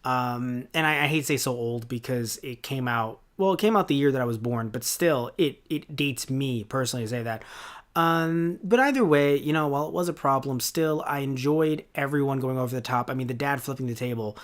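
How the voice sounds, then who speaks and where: A man's voice: mid-range voice, a little fast. A man in his twenties hosting a podcast, giving a casual review in a rambling, sarcastic way with lots of fillers and restarts. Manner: rambling and sarcastic, with many fillers and self-corrections. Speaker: podcast host.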